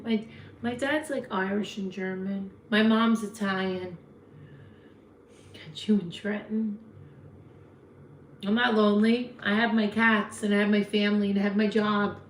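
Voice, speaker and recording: A woman's voice: mid-range voice, fairly even intonation, measured pace, slight background noise. Talkative Jersey woman in her fifties hosting a live chat, frank and leisurely, roomy home sound. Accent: New Jersey. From New Jersey. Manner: chatty, frank, talks back to viewer comments. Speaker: livestream host. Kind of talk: casual live chat reading comments.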